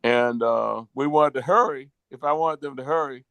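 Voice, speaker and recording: A man's voice: mid-range voice, normal speed, vocal fry, a bit bright, clean tone, no echo. A middle-aged man co-hosting a casual podcast over a video call, telling rambling, sentimental stories. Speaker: co-host.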